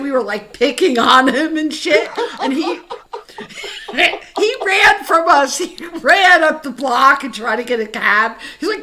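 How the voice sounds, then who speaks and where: A woman's voice: high-pitched, animated, normal speed, sharp tone. A woman who is a punk singer, chatting casually, bluntly and with lots of laughter and swearing. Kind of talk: casual chat.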